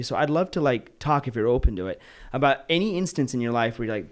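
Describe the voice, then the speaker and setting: A man's voice: mid-range voice, expressive, fast talker. A man hosting a casual podcast, encouraging his guest with frequent affirmations. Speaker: podcast host. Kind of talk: casual chat.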